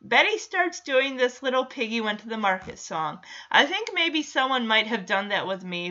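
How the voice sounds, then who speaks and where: A woman's voice: high voice, pushed and bright, muffled recording. A woman recapping a TV episode in casual chat, with sarcastic asides and frequent laughs. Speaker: show recapper.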